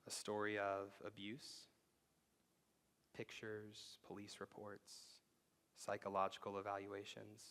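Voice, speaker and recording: A pastor preaching to his congregation in a church sanctuary. His voice sits a little low, and his delivery is loose and conversational. He drops to a near-hush when he wants a line to land. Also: completely flat delivery, slow pace, long pauses. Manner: conversational, drops to a hushed voice for emphasis. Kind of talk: sermon.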